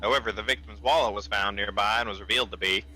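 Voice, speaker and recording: A man's voice: on the low side, steady tone, fast talker, pushed and bright, poor audio. A man voicing a male television news anchor with clipped broadcast delivery. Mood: grave.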